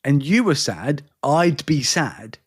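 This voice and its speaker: A man's voice: on the high side, sing-song, slow pace, breathy edge. A tired English man with an accent between London and educated, chatting casually as podcast co-host, rambling and self-deprecating. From England. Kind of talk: casual chat.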